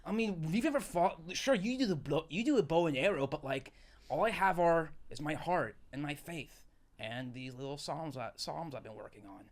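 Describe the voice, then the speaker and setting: A man's voice: on the high side, expressive, normal speed. A man voicing a timid, pacifist woodland monk in a put-on Welsh accent, pleading earnestly.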